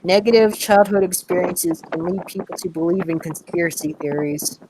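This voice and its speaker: A woman's voice: fairly low pitch, normal speed, background noise. Blunt, hesitant young woman podcast host. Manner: hesitant, filler-heavy, blunt dismissive remarks. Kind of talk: casual group chat, reading an article aloud.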